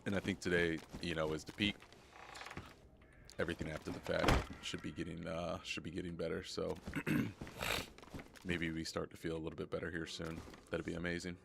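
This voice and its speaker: Very deep gravelly hoarse man. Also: little pitch movement, normal speed, noisy background. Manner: rambling, repeats himself a lot. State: hoarse from a cold. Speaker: live streamer. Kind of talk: casual live gameplay commentary.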